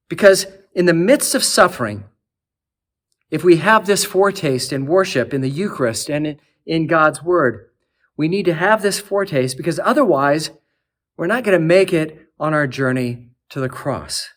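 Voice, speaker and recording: A man preaching a sermon in earnest, building lists of words and easing down to a soft, low close. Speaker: archdeacon preaching. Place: cathedral.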